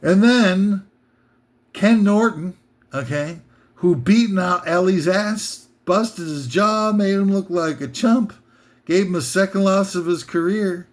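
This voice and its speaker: Comic host, American man, high voice, slow unhurried rambling monologue with shouted asides. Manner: rambling, self-interrupting, bursts into shouted impressions. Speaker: host of a comedic top ten list.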